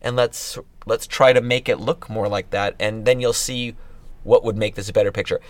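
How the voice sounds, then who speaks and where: A middle-aged man co-hosting a podcast, talking things through in a thoughtful, halting way with many restarts. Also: lowish voice, steady tone, dry recording. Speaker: podcast co-host. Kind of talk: casual chat.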